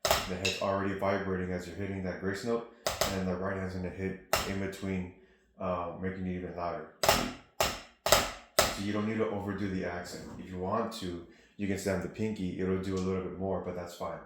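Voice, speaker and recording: A man giving a casual drum lesson, explaining steps in a steady, practical way and counting rhythms aloud. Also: low voice, normal speed, very echoey, heavy background noise. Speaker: drum instructor. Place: music studio room. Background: snare drum playing.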